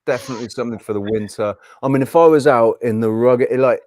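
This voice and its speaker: A man with a mid-pitched voice co-hosting a loose online chat, rambling happily from one thought to the next. His voice sounds close and dry. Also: fast, no room sound. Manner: relaxed, rambling, says "man" and "mate". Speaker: co-host. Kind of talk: casual live-stream chat.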